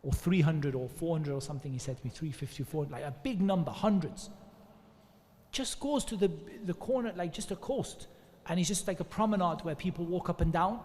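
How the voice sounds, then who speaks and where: Man, fairly high voice, earnest informal preaching, long echoing hall reverb. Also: brisk, a little mellow. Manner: earnest, conversational, repeats devotional phrases. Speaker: preacher giving religious advice. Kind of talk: informal religious advice talk.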